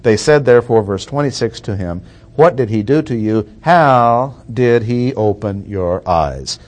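A male preacher teaching through scripture at an unhurried, measured pace. He leans on key phrases and repeats them for emphasis. His voice sits in an ordinary middle range. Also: medium pitch, expressive, a little mellow. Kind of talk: expository sermon.

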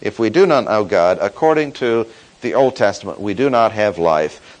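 Lively-voiced man preaching a sermon. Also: on the low side, poor audio. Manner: measured, emphatic teaching with slow stresses on key words. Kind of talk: expository sermon.

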